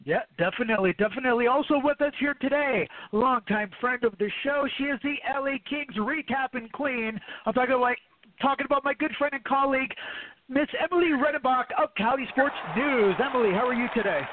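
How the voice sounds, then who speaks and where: A man with a strikingly high voice hosts a casual sports talk show, bantering in a hyped, playful announcer style. The sound is dry and squeezed into a thin, phone-like band. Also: fairly quick, no echo. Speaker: host.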